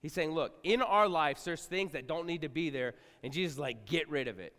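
A middle-aged male pastor preaching to a congregation, talking casually and swinging from quiet asides to loud outbursts. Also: on the high side, a little fast. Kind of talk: sermon. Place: large church hall. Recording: live sermon with long hall reverb.

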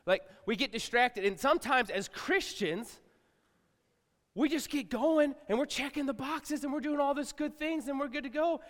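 A middle-aged male pastor preaching to a congregation, talking casually and swinging from quiet asides to loud outbursts. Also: very high voice, moderate pace. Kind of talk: sermon. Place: large church hall. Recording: live sermon with long hall reverb.

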